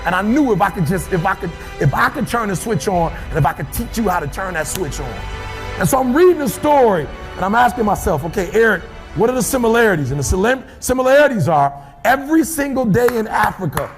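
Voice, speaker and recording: A man with a high voice delivers a fiery, preacher-like motivational speech. He hammers the same phrases again and again, surging to shouts and dropping to an intense hush. Faint music plays behind him. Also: very animated, quick pace. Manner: preacher-like, repetitive, swings between shouting and hushed intensity. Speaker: motivational speaker addressing a football team.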